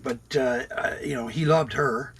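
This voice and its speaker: Husky man in his sixties, rambling. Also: mid-range voice, unhurried, a bit bright. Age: 60s. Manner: rambling, chats to his cats while cooking. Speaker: RV vlogger. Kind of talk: casual cooking vlog chat. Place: RV kitchen.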